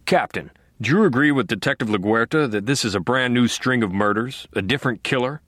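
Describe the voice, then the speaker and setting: A man's voice: mid-range voice, fairly quick, a bit bright, no room sound, studio quality, lightly acted. Brief: male reader doing a blunt reporter, plain and formal. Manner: muttering, formal.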